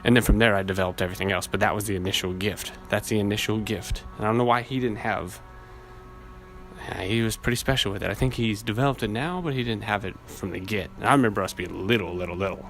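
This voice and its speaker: A man with a naturally low voice hosting a casual solo podcast, rambling and laid-back, swearing often. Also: fast talker, a bit bright, soft background music. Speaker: podcast host. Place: outdoors in a city, weed whacker nearby.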